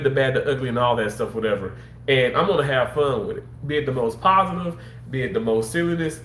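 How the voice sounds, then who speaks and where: A man's voice: medium pitch, fairly bright tone, reverberant, slight background noise. A man talking straight to his viewers on a casual livestream, rambling and repeating himself, a little under the weather. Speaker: livestream host.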